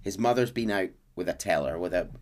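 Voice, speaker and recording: A man hosting a podcast, casually recapping a game's story in a chatty, animated way. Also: low-pitched, fairly quick. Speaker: podcast host narrating a game story.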